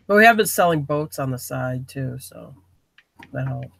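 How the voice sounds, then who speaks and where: A woman's voice: rumbling low, expressive, moderate pace, gravelly, a bit bright, a little hiss or hum. A woman co-hosting a live reseller show in casual chat, telling stories and mimicking people she met.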